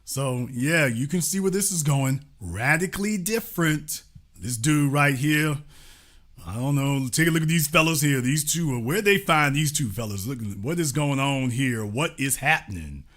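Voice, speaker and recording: A man's voice: mid-range voice, moderate pace, fairly bright tone. A man commenting on a news clip with sarcastic, groaning asides.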